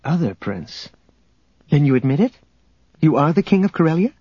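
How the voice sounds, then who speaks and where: Sarcastic young princess as a guy reads her, pitched up a bit, dry flat recording. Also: normal speed, husky, no room sound, lo-fi sound. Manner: sharp and sarcastic. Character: spirited young princess, sharp-tongued.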